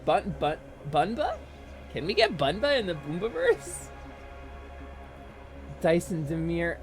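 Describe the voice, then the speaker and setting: A woman streaming a video game, chatting casually and animatedly, swinging into loud mock outrage and laughter. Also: lowish voice, wildly swooping pitch, takes it slowly, pauses often, soft background music. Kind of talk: casual live-stream chat while gaming.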